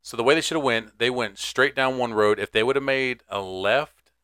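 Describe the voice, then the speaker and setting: A man's voice: mid-range voice, normal speed, a bit bright, no echo, studio quality. A man, co-hosting a casual podcast and telling stories in a laid-back, profane way with frequent laughs. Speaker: podcast co-host. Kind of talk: casual chat.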